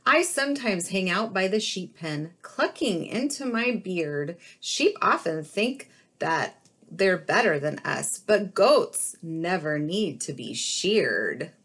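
A woman's voice: on the low side, expressive, takes it slowly, a bit bright, slightly rough, exaggerated voice. A woman voicing a smug, teasing goat in a children's picture book.

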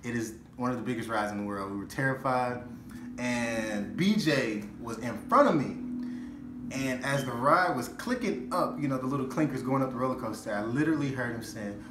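A man's voice: mid-range voice, normal speed. Young man in an echoey room, telling a story. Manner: lively storyteller, earnest. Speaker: brother giving a tribute. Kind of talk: casual spoken tribute. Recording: echoey room with background hiss.

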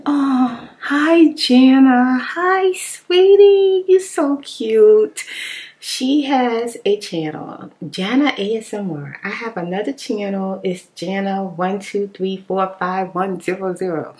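A woman chatting casually on her vlog, expressive and informal, laughing often and slipping at times into a whisper. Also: medium pitch. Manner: informal, animated storytelling. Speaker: ASMR vlogger. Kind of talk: casual rambling chat reading viewer comments.

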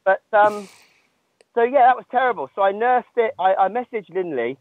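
Calling in from a long-distance trail, an ultramarathon runner tells his story in a laughing, self-mocking way during a casual phone chat. His voice sits high with lively intonation at a normal speed. The phone line sounds dry and tinny.

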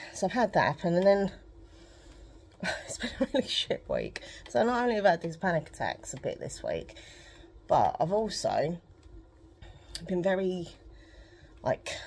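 A woman's voice: on the low side, darkish tone, a little hiss or hum. A woman chatting candidly to camera at home while pedalling an exercise bike, rambling and emotional with frequent laughs. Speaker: vlogger. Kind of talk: rambling personal chat to camera.

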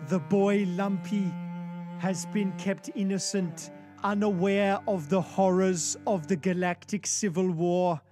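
A man's voice: sits high, fairly even intonation. A grave, brooding German narrator, as a man puts him on intones every line with heavy solemnity. He speaks in a German accent at a crawling pace. Music swells behind him. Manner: slow, solemn, portentous narration.

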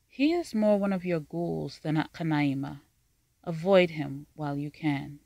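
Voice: mid-range voice, expressive, measured pace, creaky, mellow, no echo. A narrator voicing a polite household servant woman who speaks urgently and warns of danger.

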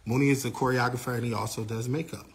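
A man recounting events as an eyewitness, telling the story in an animated first-person way and acting out what other people said. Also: mid-range voice. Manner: acts out other people's lines, grows louder and faster as the story heats up.

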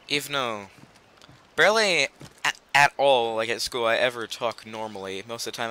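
A man's voice: mid-range voice, a little slow, pauses often, sharp tone. Teen boy gamer, chatty rambling commentary, audible background noise on the mic. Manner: rambling, chatty and silly, trails off mid-sentence. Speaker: gaming channel host. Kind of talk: casual let's play commentary.

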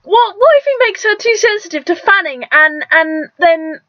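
A woman's voice: very high-pitched, animated, normal speed, pushed and bright, dry recording. A young woman reacting to a video, incredulous and exclaiming, often stammering and restarting her sentences. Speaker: reaction vlogger. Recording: dull lo-fi sound with faint music.

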